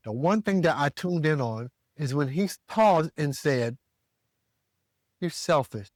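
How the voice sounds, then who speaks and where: A man from the American South telling a story as a podcast co-host, animated and profane, jumping higher when he quotes himself. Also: unhurried, dry recording, studio quality. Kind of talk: casual storytelling rant.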